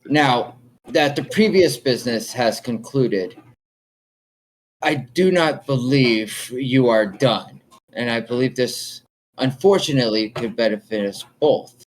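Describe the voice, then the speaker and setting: Businesslike male patron, voiced by a game master, measured and persuasive. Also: medium pitch, lightly acted, rough recording. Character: businesslike male quest giver, composed and persuasive.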